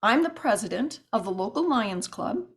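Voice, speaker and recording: A woman voicing a friendly small-town Australian woman who leads a local club, in a brisk, welcoming, take-charge way. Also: a little high, expressive.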